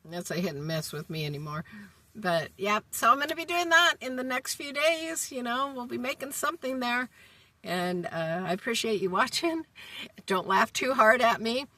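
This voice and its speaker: A woman's voice: a little high, lively intonation, moderate pace, pushed and bright, no echo, distant mic. A woman in her forties talking casually to her camera inside her van, meandering with many ums and uhs, and ending with a folksy, faith-filled goodbye. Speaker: vlogger. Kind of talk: casual rambling talk to camera.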